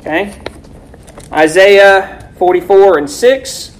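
A woman teaching a Bible lesson, reading scripture slowly and forcefully and quizzing her listeners with rhetorical questions. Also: mid-range voice, low-quality recording.

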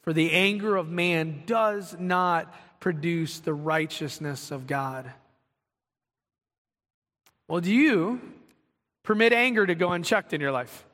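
Bright-voiced male pastor preaching in a hall. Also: fairly high pitch, takes it slowly, long pauses. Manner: animated preaching, reads scripture aloud, acts out quotes. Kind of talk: sermon.

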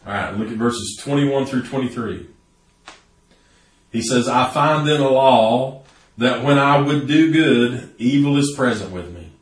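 A man's voice: medium pitch, unhurried, far from the mic. Man preaching in an echoey room. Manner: earnest preaching, rising to emphatic peaks. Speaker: pastor. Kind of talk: sermon.

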